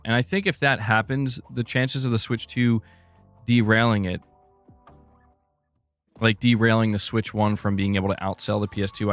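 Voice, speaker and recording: A man with a fairly low voice hosts a casual live stream on video game news, chatting loosely and laughing often as he reacts to his chat.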